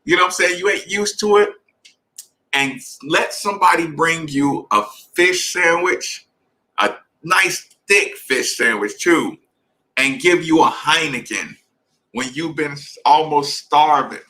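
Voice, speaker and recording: Bright, animated man telling a story. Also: on the high side, unhurried, poor audio. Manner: animated, conversational, addresses listeners directly. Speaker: podcast host. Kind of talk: casual storytelling.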